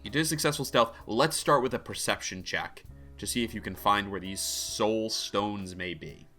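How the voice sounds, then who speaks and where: A man's voice: fairly low pitch, moderate pace, bright, forceful tone, faint music behind. A man narrating a tabletop game as game master, talking casually with lots of filler words.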